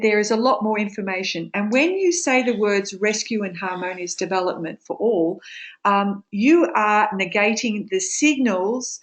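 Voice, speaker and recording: A woman teaching a study group in a webinar, explaining steps slowly with frequent ums. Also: medium pitch. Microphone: webinar microphone.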